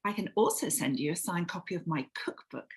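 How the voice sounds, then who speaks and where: A woman's voice: fairly low pitch, expressive, a little fast, slight background noise. A middle-aged woman from England with an English accent, chatting as an author guest on an interview show. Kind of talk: casual interview chat.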